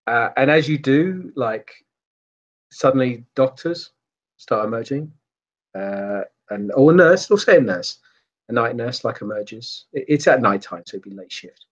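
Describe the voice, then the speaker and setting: A man narrating a tabletop role-playing game as game master, pausing and searching for words. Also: mid-range voice, lively intonation. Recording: dull lo-fi sound.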